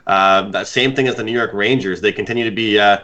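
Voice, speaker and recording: A man's voice: on the low side, a little fast, pushed and bright, lo-fi sound. A man giving casual sports betting analysis as a panelist, rambling steadily with lots of "you know". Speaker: panelist handicapper.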